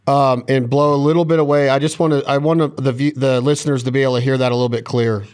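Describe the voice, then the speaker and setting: A man's voice: medium pitch, steady tone, fast, a little mellow, smooth. A man hosting the show, asking long, rambling questions about duck calling. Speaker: show host. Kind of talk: interview questions.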